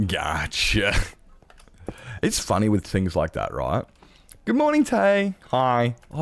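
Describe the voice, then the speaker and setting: A man's voice: on the low side, no echo. A man streaming, chatting casually with viewers, rambling and correcting himself, swearing freely. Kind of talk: casual chat with live chat.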